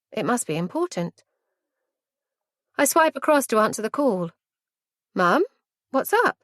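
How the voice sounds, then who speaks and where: A woman narrating a first-person audiobook in a measured, intimate and reflective way. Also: mid-range voice, no room sound, studio quality.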